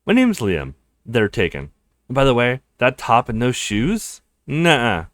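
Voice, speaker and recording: A man's voice: medium pitch, huge pitch swings, a little slow, fairly bright tone, no room sound, clean studio sound. A man voicing a rude, snobbish young man in a visual novel who sneers at other people's clothes, speaking in a curt, dismissive way. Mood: snide.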